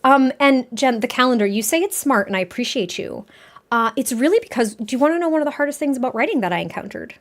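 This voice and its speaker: A young woman from New England, a streamer and author, chatting excitedly and casually on a livestream, reading chat aloud and swearing now and then. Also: high-pitched, fast talker.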